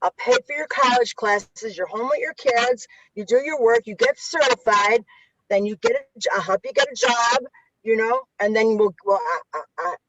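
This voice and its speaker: A woman's voice: a little high, lively intonation, normal speed, fairly bright tone. A woman with a Chicago accent, an author and youth interventionist, talking candidly in an interview, blunt and profane, with many restarts. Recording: dull lo-fi audio.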